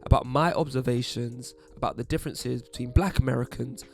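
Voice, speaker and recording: Wry chatty British man, gravelly. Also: medium pitch, a little fast. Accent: British English. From England. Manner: chatty, wry, lively asides. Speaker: YouTube host. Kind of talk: casual commentary to camera.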